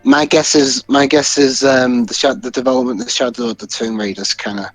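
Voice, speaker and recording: A man's voice: medium pitch, fairly even intonation, brisk, dry recording, soft background music. Joking man spinning game theories. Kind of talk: casual gaming chat.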